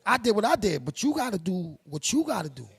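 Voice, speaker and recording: A middle-aged man from Harlem with a New York accent talks in a gravelly, husky voice. He lectures in an interview with streetwise slang and emphatic, preachy conviction. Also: high voice, very animated, a little fast. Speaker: production company head. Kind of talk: interview, casual monologue.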